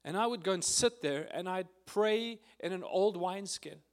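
At a prayer gathering, a man with a fairly high voice earnestly shares his story in an informal, heartfelt way. He's emotional and at times near tears, filling his pauses with frequent hesitations.

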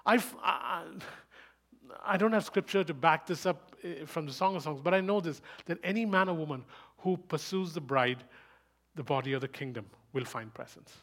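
A man delivering a sermon at a quick clip, his voice sitting a little high. He drives his points home with rhetorical questions and repeats key words with rising force. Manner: emphatic, rhetorical questions, rises to loud bursts; speaks fast. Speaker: preacher.

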